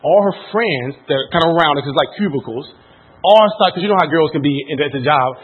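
A man telling a story to a live audience as a motivational speaker, animated and acting out the people in it. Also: a little high, fast talker, breathy edge, narrow, tinny audio. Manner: animated storyteller, acts out quoted voices.

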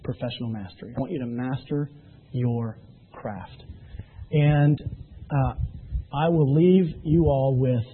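A man's voice: medium pitch, measured pace, long pauses, slight background noise. A man giving a motivational business training talk, telling stories with emphatic rising peaks. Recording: tinny phone-like sound.

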